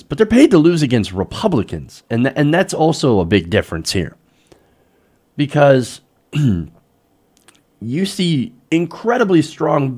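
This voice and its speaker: A male host delivers a heated political rant, his pitch leaping up and dropping low as he works himself up. He sounds exasperated and mocking, as if fed up with what he is talking about. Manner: animated, exasperated ranting with mocking quoted voices. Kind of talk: political commentary show.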